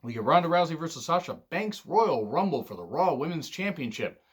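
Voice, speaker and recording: A man casually talking through his favorite wrestling matches, candid and excitable, swearing freely. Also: on the high side, a little fast, husky. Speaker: wrestling reviewer. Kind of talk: casual commentary vlog.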